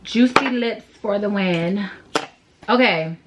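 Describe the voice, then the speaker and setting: A woman's voice: mid-range voice, takes it slowly, noisy background. Chatty woman doing a makeup tutorial. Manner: rambling, self-deprecating, laughs and sighs often; slangy and playful. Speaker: beauty vlogger.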